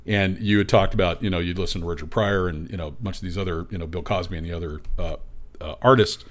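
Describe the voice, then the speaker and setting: A man hosting a casual interview, asking questions in a hesitant, halting way with many fillers. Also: deep voice. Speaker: podcast host.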